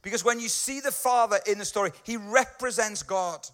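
Chatty pastor, bright higher voice. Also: male voice, moderate pace. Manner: chatty, keeps checking in with listeners. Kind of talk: conversational sermon.

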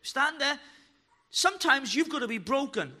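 A man preaching a sermon, fervent and joking, building to shouted declarations. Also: very high voice, big pitch swings, normal speed. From Wales. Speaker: pastor. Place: church hall.

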